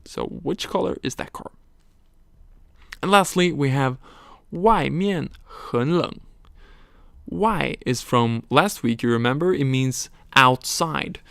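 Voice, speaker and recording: A man teaches vocabulary in a recorded lesson, going word by word through tones and meanings. His voice has a gravelly edge. It sits at an ordinary pitch for a man, recorded dry and close with no room sound. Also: fairly bright tone, no echo. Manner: explains words slowly with tones and examples. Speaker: language teacher.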